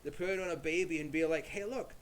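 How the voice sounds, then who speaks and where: A man's voice: on the high side, fairly even intonation, racing, slight background noise. A young man chatting casually at home, retelling an old tale in a rambling way with lots of fillers and restarts. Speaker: YouTube creator. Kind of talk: casual storytelling monologue.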